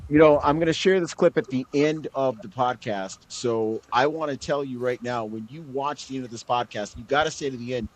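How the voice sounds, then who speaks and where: A man's voice: medium pitch, a little fast, few pauses. A man hosting a podcast, talking conversationally and addressing his audience directly. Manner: conversational, speaks straight to the audience. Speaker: podcast host. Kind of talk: casual interview chat.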